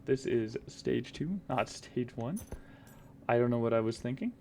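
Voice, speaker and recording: A man rambling through solo gameplay commentary, goofy and self-mocking, now and then slipping into silly high voices. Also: animated, a little slow, gravelly, a little mellow, slight background noise. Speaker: gaming YouTuber.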